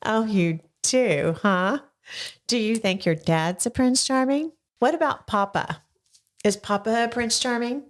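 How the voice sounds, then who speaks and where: An older woman hosting a podcast, chatting with a child and coaxing him along with slow, gentle questions. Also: a little high. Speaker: podcast host interviewing her grandson. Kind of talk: casual interview chat. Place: small home podcast studio.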